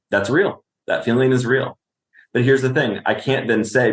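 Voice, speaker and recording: A man's voice: on the low side, moderate pace, echoey room. A man, a clinician and podcast guest, explaining parenting in conversation, often asking "right?" and acting out what a parent would say.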